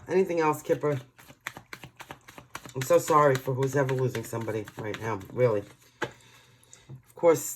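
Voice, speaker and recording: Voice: mid-range voice, a little hiss or hum. A tarot reader from New York talks through a casual reading in a loose, chatty way. The delivery is emotional and speaks right to the viewers.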